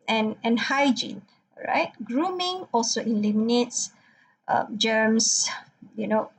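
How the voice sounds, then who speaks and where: A woman lecturer walks through her slides, checking in with "okay" again and again and using non-native phrasing. Her voice is a little high with a breathy edge, and the recording is rough.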